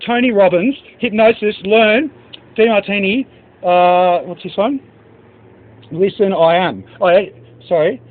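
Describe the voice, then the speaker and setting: A man with a very high voice talks in an agitated, rambling way, swearing and listing book titles. The sound is thin and tinny, like a phone line. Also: a little slow. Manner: reads out list of book titles. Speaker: speaker addressing staff. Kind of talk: agitated monologue.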